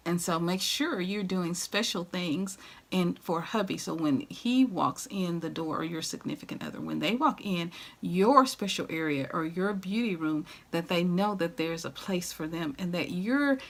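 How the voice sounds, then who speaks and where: A woman's voice: on the low side, normal speed. A middle-aged woman, chatting to camera in a home decor vlog, gushing and laughing often. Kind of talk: casual chat to camera.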